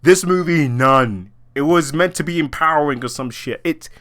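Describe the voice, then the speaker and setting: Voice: medium pitch, normal speed, a bit bright. A vlogger giving a casual spoken rant about a film they just watched, exasperated, swearing often and laughing in disbelief. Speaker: movie reaction vlogger.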